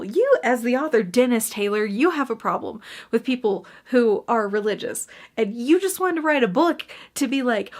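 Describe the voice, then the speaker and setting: A woman's voice: fairly high pitch, lively intonation, normal speed. A woman giving a casual book review full of cranky, profane rants and emphatic repetition. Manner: gestures a lot while talking.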